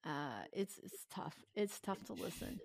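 A woman guest talking candidly in a podcast interview, earnest and animated, with bursts of laughter. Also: fairly low pitch, measured pace, vocal fry, slight background noise. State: tearful. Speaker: podcast guest, company founder.

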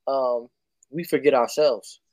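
A man chatting as a guest on a video-call livestream, talking with many fillers and getting animated in quick bursts. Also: medium pitch, no room sound. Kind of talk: casual chat.

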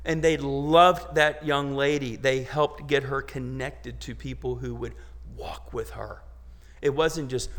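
A man preaching a sermon as pastor, talking conversationally with rhetorical questions and restarts, dropping to quiet asides and rising to loud exclamations. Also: on the high side, slow, long reverb tail.

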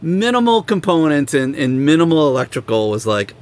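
A young man hosting a podcast, telling road stories in a casual, animated way and acting out other people's lines. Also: normal speed, few pauses. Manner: animated storyteller, acts out quoted people in higher voices. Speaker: podcast host. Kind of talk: casual storytelling chat.

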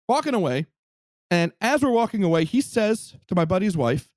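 A man telling a story in casual podcast chat, animated and profane, acting out what people said. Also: high voice, normal speed, dry recording, studio quality. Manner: animated, profane, acts out quotes.

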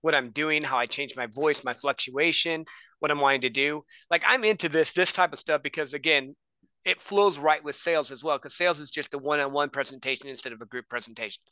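A man's voice: a little high, fairly quick, bright, forceful tone, clean tone, dry recording. A man hosting a casual podcast conversation, talking with energy in stacked lists of points.

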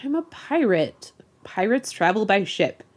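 A woman's voice: mid-range voice, very animated, a little slow. Snake, a woman putting on a blustering male pirate captain. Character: swaggering male vampire pirate captain, bossy and whiny.

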